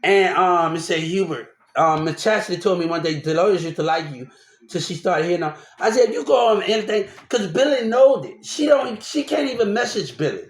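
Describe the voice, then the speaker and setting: A man's voice: high-pitched, a little fast. A young man rambling through a personal story, repeating himself and restarting often. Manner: repetitive, restarts often, animated. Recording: roomy echo.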